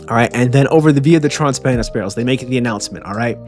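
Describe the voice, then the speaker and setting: A man's voice: mid-range voice, quick pace, darkish tone, soft background music. A man casually reacting to a comic chapter, rambling and joking with profanity and stammering repeats. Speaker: manga chapter reviewer.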